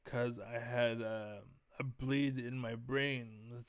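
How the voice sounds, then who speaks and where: A young man rants to his viewers in a heated, rambling way, swearing often and leaning on fillers. His voice sits at an ordinary pitch and is recorded close and dry, with no room sound around it. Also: vocal fry, smooth, dry recording. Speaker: vlogger. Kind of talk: casual rant to camera.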